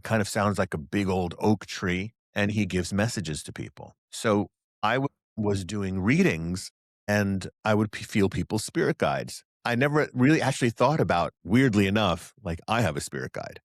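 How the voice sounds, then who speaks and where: A man's voice: lowish voice, normal speed, no echo, studio quality. A man, a guest psychic channeler, telling stories in a casual interview and acting out the voices he quotes. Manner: animated storyteller who acts out quoted voices.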